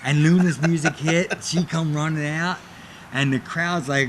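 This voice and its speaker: Animated, bright-voiced man telling wrestling stories. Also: on the high side, unhurried, slight background noise. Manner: animated storyteller who acts out other people's lines. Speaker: guest, former wrestler. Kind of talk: casual storytelling interview.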